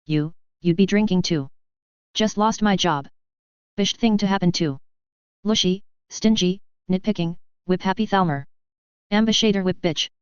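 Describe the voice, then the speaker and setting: A woman's voice: mid-range voice, moderate pace, clean tone, dry recording, muffled recording, natural voice. A woman reading aloud, voicing a drunken, foul-mouthed male elf bartender who rambles about his troubles. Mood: bitter. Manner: slurred, crude, grumbling rant.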